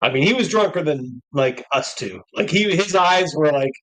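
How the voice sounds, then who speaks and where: Man, host, casual tipsy chat, rambling storyteller, lively pitch, slightly high voice. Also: moderate pace, rough recording. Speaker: podcast host. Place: convention live stream.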